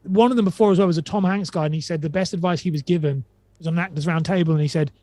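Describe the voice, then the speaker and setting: A man's voice: a little high, racing, mellow, no echo. A man on a podcast who chats casually, rambling and retelling quotes with many restarts. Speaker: podcast guest. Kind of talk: casual conversation.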